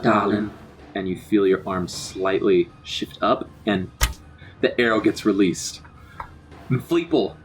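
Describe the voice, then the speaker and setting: A man narrating a tabletop role-play game as game master, with vivid scene descriptions. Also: mid-range voice.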